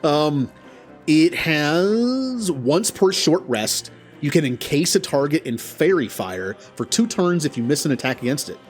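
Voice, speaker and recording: Male host for a game playthrough: casual, self-deprecating, talks his choices through out loud. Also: a little high, big pitch swings, a little slow, faint music behind. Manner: thinking aloud, chuckling, self-deprecating. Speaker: gaming channel host. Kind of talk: let's play commentary.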